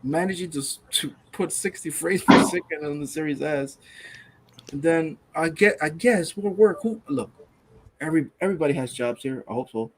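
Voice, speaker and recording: A man in his thirties co-hosts a loose gaming podcast, his voice sitting a little higher than most men's. He talks in an animated, incredulous way and swears casually. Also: normal speed, noisy background. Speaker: podcast co-host. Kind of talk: casual chat.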